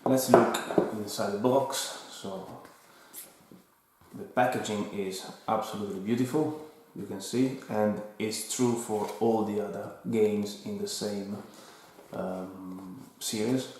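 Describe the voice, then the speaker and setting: Speaking at a fairly low pitch, a man with an Italian accent calmly reviews a board game and walks through its rules. His pace is unhurried and a bit hesitant, and the room he's in is very echoey.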